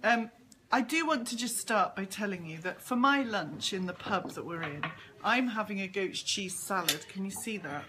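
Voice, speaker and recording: A woman's voice: mid-range voice, animated, moderate pace, noisy background. A woman hosting a casual live stream from a pub, chatty and giggly as she greets viewers and jokes with her guest. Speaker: host and author.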